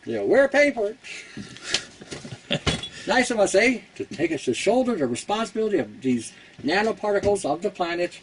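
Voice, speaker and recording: A man's voice: high voice, sing-song, moderate pace, long pauses, distant mic, a little hiss or hum, low-quality recording. A Canadian man hosting a casual how-to talk, blunt and rambling, who laughs at his own jokes. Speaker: host.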